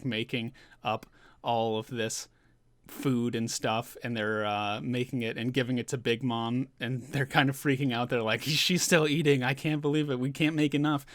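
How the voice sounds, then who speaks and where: A man's voice: medium pitch, dry recording. A man giving a casual, loose recap of a manga chapter, chuckling now and then and talking with plenty of fillers. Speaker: manga reviewer.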